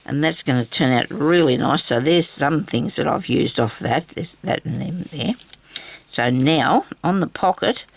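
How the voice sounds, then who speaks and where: A woman's voice: low-pitched, a little slow, creaky, no echo. An Australian woman chatting in a casual, rambling way while she crafts and tells stories. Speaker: craft vlogger.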